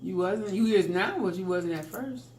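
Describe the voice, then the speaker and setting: A woman's voice: mid-range voice, normal speed, darkish tone, slight background noise. Woman, 60s, eating-show vlogger, chatty, teasing, phone mic, echoey room. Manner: chatty, teasing, exclaiming to viewers. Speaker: mukbang vlogger. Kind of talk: casual eating-show chat. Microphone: phone camera.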